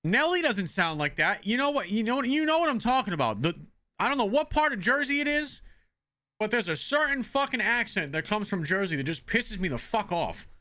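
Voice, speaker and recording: A man's voice: sits high, very animated, a little fast, pushed and bright. A man originally from the Northeastern US chatting casually while streaming a game, blunt and profane and prone to rambling.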